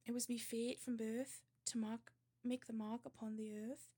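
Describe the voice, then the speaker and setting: A woman's voice: on the high side, flat delivery, normal speed, mellow, husky. A woman putting on a Geordie accent to voice a proud young male surveyor, reciting verse in a sing-song way. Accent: Geordie, attempted.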